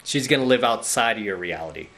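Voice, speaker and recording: A man's voice: medium pitch, animated, fast, fairly bright tone. A man speaking as a dating coach in a direct-to-camera monologue, lecturing bluntly and often checking in with "okay?" and "right?".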